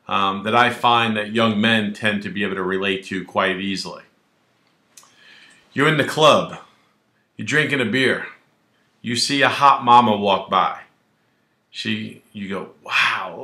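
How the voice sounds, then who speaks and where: Fairly low-pitched and sharp-toned, a male attorney speaks in a room with a roomy sound. He explains the law casually to camera in a colloquial, wisecracking style, staging little scenes with quoted dialogue.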